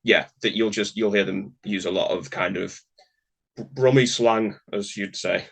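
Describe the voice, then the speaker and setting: A man's voice: fairly low pitch, steady tone, unhurried, gravelly, a bit bright, breathy edge. A man co-hosting a podcast, rambling in a friendly way and laughing often. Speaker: podcast co-host. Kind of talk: casual podcast discussion.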